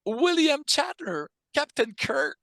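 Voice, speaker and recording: A man's voice: extremely high pitch, very animated, slow, fairly bright tone, no echo. Eager French-accented male interviewer. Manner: enthusiastic, stumbling over words with many fillers. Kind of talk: fan interview questions.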